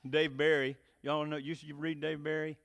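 A man's voice: a little high, little pitch movement, normal speed, a bit bright. A man preaching a joking, folksy sermon, often rising into emphatic bursts. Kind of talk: sermon with jokes. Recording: long reverb of a hall.

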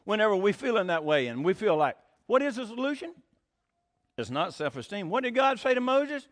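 Animated high-voiced male preacher. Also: fairly quick. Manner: animated, acts out quoted voices, laughs often; rhetorical questions to the congregation. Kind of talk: sermon.

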